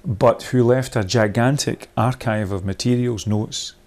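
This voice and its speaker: A man of middle pitch leads a workshop, talking things through as they come to him. He circles back, restarts and laughs now and then, in a chatty, discursive way. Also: a little slow, darkish tone. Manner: rambling, thinks aloud with many restarts. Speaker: workshop leader.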